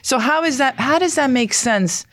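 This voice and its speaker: A woman's voice: high voice, lively intonation, moderate pace, a bit bright, no room sound, clean studio sound. A middle-aged American woman in casual chat, talking in a heated, indignant way with many restarts. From United States.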